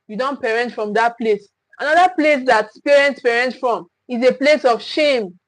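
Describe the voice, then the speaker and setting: A woman's voice: on the high side, dry recording, low-quality recording. A woman gives a livestream parenting talk. She speaks earnestly, repeats her points and acts out what parents say. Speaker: parenting coach.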